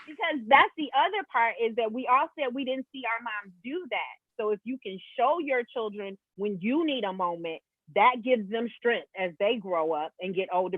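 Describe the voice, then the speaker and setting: A woman telling a story in a casual chat, animated and lively, heard on a video call. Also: on the high side, slightly rough, no room sound. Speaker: co-host. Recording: tinny phone-like video call line.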